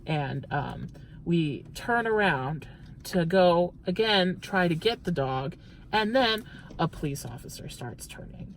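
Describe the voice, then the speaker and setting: A man's voice: a little high, expressive, takes it slowly, fairly bright tone, slight background noise. A man co-hosting a late-night vlog, telling a long rambling story with many restarts from inside a car. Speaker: vlog co-host. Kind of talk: casual chat while driving.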